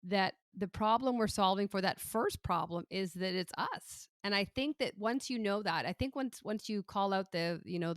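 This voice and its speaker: A woman's voice: mid-range voice, no room sound, clean studio sound. A woman hosting an interview, thoughtful and affirming, asking follow-up questions and murmuring agreement. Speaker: podcast host. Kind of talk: conversational interview.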